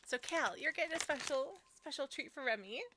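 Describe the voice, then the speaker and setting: A woman's voice: high voice, animated, a little fast, noisy background. A woman streaming casually, chatting and giggling while she sorts seeds and talks sweetly to her dog. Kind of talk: casual live-stream chat.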